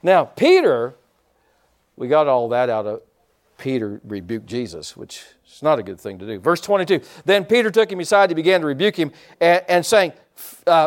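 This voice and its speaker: Lively, animated male preacher. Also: on the high side, moderate pace. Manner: animated storytelling with laughs and repetitions; draws congregation responses with questions. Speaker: pastor. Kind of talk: sermon.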